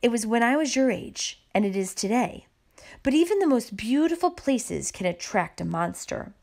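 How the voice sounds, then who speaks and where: A woman reading aloud, voicing an older man who gravely tells a child about his island's past. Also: a little high, sing-song, moderate pace, a little mellow.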